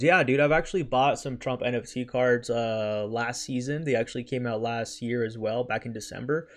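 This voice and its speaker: A man's voice: mid-range voice, normal speed, few pauses. A man hosting a casual crypto livestream, heated and repetitive. He keeps tossing in "right?" and "freaking" as he talks through viewer chat. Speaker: crypto channel host.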